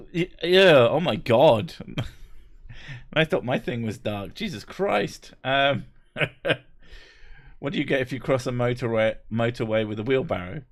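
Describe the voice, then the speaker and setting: Picture a man in his thirties hosting a laid-back home livestream. His voice sits at an ordinary mid pitch, and he jokes, swears freely and breaks into laughter often as he riffs on chat messages. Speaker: livestream host. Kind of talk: casual chat reading chat messages.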